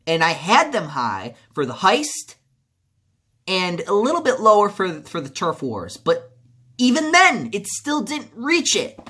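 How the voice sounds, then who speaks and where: Animated man ranting angrily about a game. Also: high voice, measured pace, husky. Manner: angry, profane, repetitive ranting. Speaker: gaming video creator. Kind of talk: video game commentary rant.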